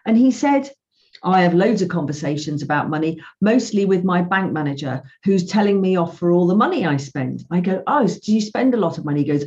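Woman, financial coach, animated storyteller, lowish voice, muffled lo-fi sound. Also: a little fast. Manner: animated storytelling, acting out both sides of conversations. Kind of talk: podcast interview. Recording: dull lo-fi sound.

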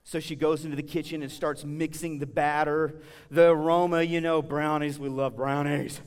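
A man preaching a sermon in a church, telling stories in a conversational, animated way with big swings between loud and soft. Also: on the high side, moderate pace, clean tone, in a large hall. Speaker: guest preacher. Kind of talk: sermon with storytelling. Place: church sanctuary.

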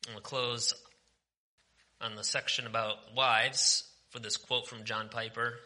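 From the pulpit, a pastor preaches with a vivid, sharply bright, medium-pitched voice that stays fairly flat in pitch and never rushes. He alternates between loud, forceful declarations and soft, intimate near-whispers, driving his points home with conviction.

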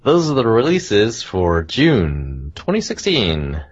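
A very low-voiced man with a husky tone and lively pitch rambles through casual gaming talk on a podcast, laughing often. The recording sounds dull and lo-fi. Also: slow pace. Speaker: podcast host.

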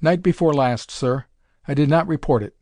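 A man's voice: fairly high pitch, moderate pace, a little mellow, no room sound, studio quality, lightly acted. A man reading the part of a deferential radio operator who speaks hesitantly, as if reluctant to share his thoughts. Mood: earnest.

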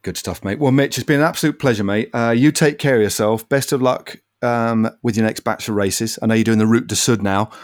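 A man hosting a podcast interview in a relaxed, chatty way, laughing often and calling his guest mate. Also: medium pitch, fairly quick, few pauses, dry recording, studio quality. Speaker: podcast host. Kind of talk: casual interview chat.

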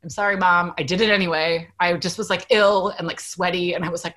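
A young woman telling a story as a podcast guest, animated and self-deprecating, acting out the dialogue, on a video call from home. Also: fairly low pitch, fairly quick. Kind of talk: casual storytelling.

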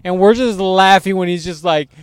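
A man's voice: high-pitched, moderate pace, clear, resonant tone, no echo. A young man chatting casually with a friend, swearing freely and laughing a lot. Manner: profane, laughing banter. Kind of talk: casual chat.

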